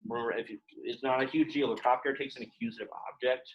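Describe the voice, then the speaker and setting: A man's voice: medium pitch, fairly even intonation, quick pace, muffled recording. Young guy teaching latin, super casual, lots of likes and ums, regular mid voice. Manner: chatty and informal, many fillers like "like" and "um". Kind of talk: classroom lesson, casual explaining. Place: classroom, also teaching online students.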